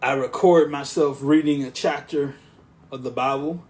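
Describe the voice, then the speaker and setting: A man hosting a podcast and speaking as a preacher, with a smooth, monotone, relaxing voice; he talks in a rambling way, often restarting his sentences. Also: medium pitch, normal speed. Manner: rambling, with frequent restarts and asides. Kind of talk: casual podcast talk.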